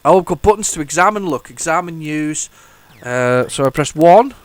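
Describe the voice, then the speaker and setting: A man's voice: on the high side, lively intonation, moderate pace, no echo. Rambling man on a retro gaming channel. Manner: rambling, many restarts and repeated words. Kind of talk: casual commentary while playing.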